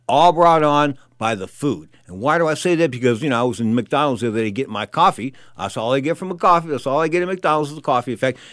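Man, boxing show host, rambling, blunt, lively pitch, dry close mic. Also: no echo. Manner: animated, digressive, blunt. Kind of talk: casual rambling monologue.

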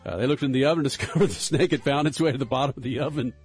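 A man's voice: mid-range voice, very fast, darkish tone, faint music behind. A man hosting a radio show, reading odd news items in playful, casual banter. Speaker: radio host.

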